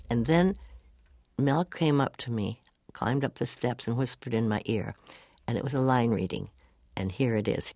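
A woman's voice: rumbling low, normal speed, dry recording, studio quality. Older woman telling stories with laughter. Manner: animated storyteller, laughs often, acts out whispered quotes. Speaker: guest. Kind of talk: chatty anecdotal interview.

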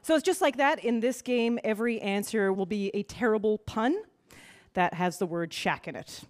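A woman's voice: medium pitch, normal speed, long pauses. A woman hosting a quiz show before a live audience, playful and laughing at her own puns. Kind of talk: upbeat game show hosting.

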